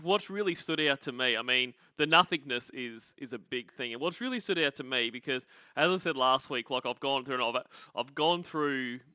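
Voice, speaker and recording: A man's voice: mid-range voice, moderate pace, few pauses, bright, forceful tone, smooth, no room sound, highs cut off. An Australian man hosting a casual livestream, rambling, laughing often and greeting viewers. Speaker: podcast host.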